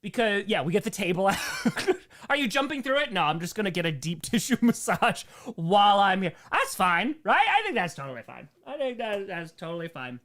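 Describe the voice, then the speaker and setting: A man's voice: high-pitched, big pitch swings, a little fast, hardly any pauses, fairly bright tone. A young man hosting a casual livestream Q&A, reading comments aloud with sarcastic jokes and frequent laughs. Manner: joking, sarcastic, laughs often. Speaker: streamer hosting a members Q&A.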